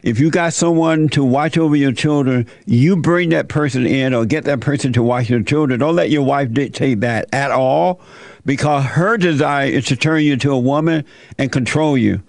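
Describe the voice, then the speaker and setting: A man's voice: medium pitch, moderate pace, gravelly, no echo. A man hosting a call-in show, giving blunt, preachy advice and telling folksy stories. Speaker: talk show host giving advice to callers.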